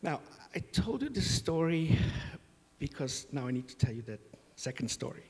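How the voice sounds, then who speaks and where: In a large conference hall, a middle-aged man introduces the event with humorous, self-deprecating family stories. His fairly high voice is sing-song and a little mellow, delivered at normal speed.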